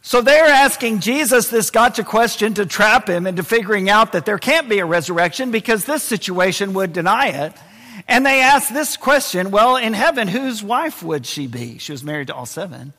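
A man preaching a sermon, lively and expressive, dropping to a low, quiet voice to stress key points. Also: fairly quick, long reverb tail. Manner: expressive preaching, drops to a low hush for emphasis. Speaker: pastor.

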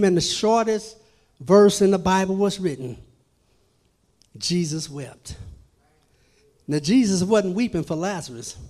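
Dramatic high-voiced man preaching. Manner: dramatic, swinging from hushed to loud emphatic calls. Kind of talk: sermon.

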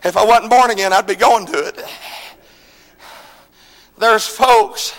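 A man preaching a revival sermon, swinging between shouted, chanted lines and quieter pleading passages. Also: slow pace. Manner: shouting, chanting preaching with sudden drops to low intensity. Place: church. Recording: echoey church hall with congregation.

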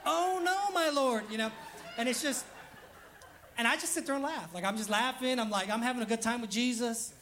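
A man's voice: very high-pitched, brisk, pushed and bright, a little hiss or hum. A man preaching a casual, humorous sermon as pastor, laughing often and acting out quoted voices.

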